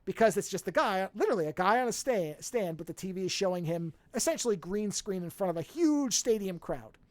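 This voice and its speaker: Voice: mid-range voice, dry recording. Dry-sounding podcast host recapping a film. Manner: rambling, animated retelling with quick asides. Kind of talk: casual film recap chat.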